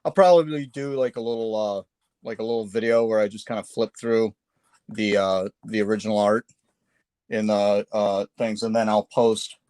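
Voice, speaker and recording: Casual male artist host, lowish voice, rambling and filler-heavy, dry close mic. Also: steady tone, a little mellow, smooth, no echo. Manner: halting, filler-heavy, self-deprecating. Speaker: artist hosting a live painting stream. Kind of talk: casual chat while sketching.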